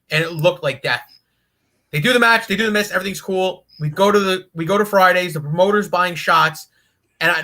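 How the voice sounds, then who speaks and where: A man guesting on a podcast, telling a profane, animated road story and laughing as he goes. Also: on the high side. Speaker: guest wrestler. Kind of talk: casual storytelling.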